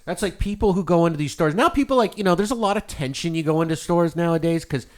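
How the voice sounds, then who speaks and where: Fast-talking, lively ranting man. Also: fairly high pitch. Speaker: podcast co-host. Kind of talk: casual podcast chat.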